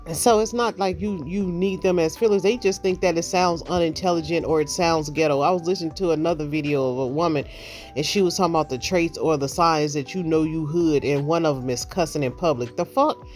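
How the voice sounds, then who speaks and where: With a deep voice and a brisk pace, a middle-aged vlogger holds forth in a salty, blunt, casual monologue while faint music plays beneath. She animates her stories by mocking the voices of the people involved, keeping things loose.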